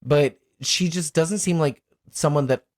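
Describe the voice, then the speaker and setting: A man's voice: a little high, measured pace, darkish tone. A man co-hosting a horror movie podcast, chatting casually, swearing freely and laughing often. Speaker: podcast co-host. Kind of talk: casual chat.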